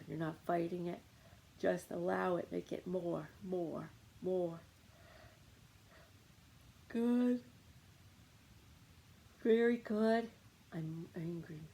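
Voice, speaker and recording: A woman's voice: on the low side, gravelly, mellow, a little hiss or hum, low-quality recording. A woman leading a guided meditation on anger, coaching listeners with short repeated commands.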